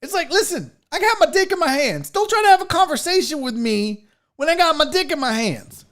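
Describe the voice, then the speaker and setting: A man's voice: very high-pitched, fairly quick. A man hosting a casual show, ranting comically and profanely about pet peeves while reading viewer comments. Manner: profane, exasperated, animated storytelling. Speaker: show host.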